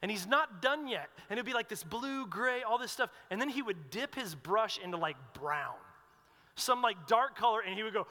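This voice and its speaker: A young adult man preaching a sermon, telling stories with swings between loud and hushed delivery. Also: high-pitched, lively intonation, moderate pace. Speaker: pastor. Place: large hall with long reverb. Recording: long hall reverb.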